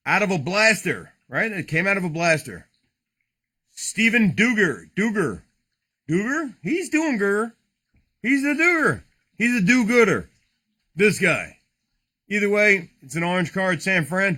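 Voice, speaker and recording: A man rips open baseball card boxes on a late-night stream, talking high and swinging wildly in pitch. His tone is bright and cutting, and he rambles, jokes and curses between pulls. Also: big pitch swings, a little slow. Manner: loud, joking, rambling, swears often. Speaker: card break host. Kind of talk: casual livestream card break.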